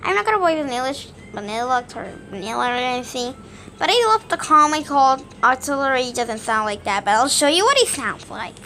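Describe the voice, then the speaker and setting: A woman's voice: sits high, very animated, a little fast, sharp tone. A woman vlogger in rambling, complaining casual chat.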